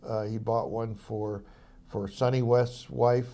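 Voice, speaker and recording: A mellow-voiced older man recounts his memories as an interview guest. He talks in loose, rambling sentences, full of fillers and false starts. His storytelling is relaxed and anecdotal. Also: on the low side, slow pace, vocal fry. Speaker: interview guest, former police officer.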